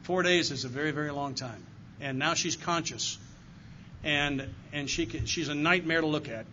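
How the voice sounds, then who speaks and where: Speaking in a fairly high, bright voice with a forceful tone at normal speed, an older AA circuit speaker delivers a heartfelt recovery testimony to a meeting audience. It's a dull, lo-fi live recording of the talk in a meeting room, with slight background noise.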